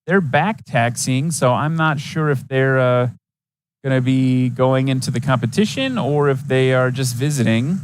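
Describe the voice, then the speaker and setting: A man's voice: mid-range voice, a little slow, clear, resonant tone, no room sound. A man from Wisconsin giving chatty, enthusiastic live commentary at an aviation competition, with folksy asides. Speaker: event commentator.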